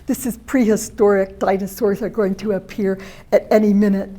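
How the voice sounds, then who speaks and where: A woman poet giving a talk, telling personal stories and reading verse aloud, slowing and swelling on the poems. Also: medium pitch. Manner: lively, personal storytelling. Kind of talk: storytelling talk with poetry readings.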